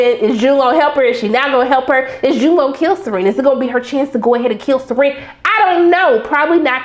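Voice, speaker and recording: A young woman with a high, bright-sounding voice recaps a TV episode in a loose, animated way. She is sassy and talks back to the characters as she goes. The room behind her voice is echoey. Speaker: TV recap reviewer.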